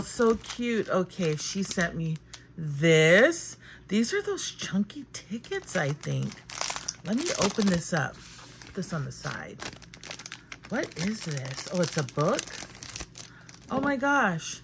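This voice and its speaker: A woman hosting a crafting channel, chatting casually and gushing with excitement as she opens mail. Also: mid-range voice, takes it slowly, pauses often, background noise. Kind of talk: casual unboxing vlog chat.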